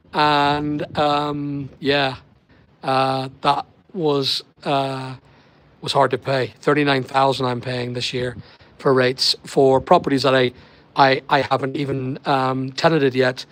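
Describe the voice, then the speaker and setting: A man's voice: medium pitch, level tone, slow pace, fairly bright tone, dry recording. A man with a Northern Irish accent, hosting a casual live stream and chatting with viewers by name in a rambling way. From Northern Ireland. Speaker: livestream host. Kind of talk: casual live chat reading viewer comments.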